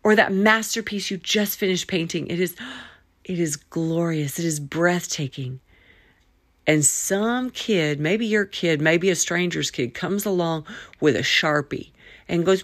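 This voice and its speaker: Woman podcast host, low voice, folksy preachy delivery, playful Southern drawl, dry close sound. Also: dry recording. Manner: folksy and preachy, drawn-out emphatic phrases. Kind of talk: faith-based solo podcast talk.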